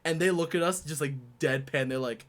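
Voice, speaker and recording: A young man co-hosting a podcast, chatting casually and telling lively stories, acting out shouted quotes. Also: fairly high pitch, brisk. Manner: animated storyteller, acts out quotes loudly. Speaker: podcast co-host. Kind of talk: casual chat.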